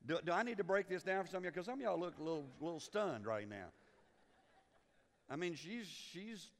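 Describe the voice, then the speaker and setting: A man preaching with a high, bright voice that carries through a long-reverb church hall. He teases his congregation in a folksy way and acts out quotes as he goes. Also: lively intonation, brisk. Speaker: pastor. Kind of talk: sermon. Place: church sanctuary.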